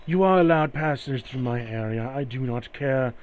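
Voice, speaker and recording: A scornful, haughty sea goddess who mocks everyone she meets, played by a man running a tabletop game. Her voice sits at an ordinary middle pitch and drips with sarcasm. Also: normal speed, a little mellow, lightly acted. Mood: mocking. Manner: sarcastic, mocking.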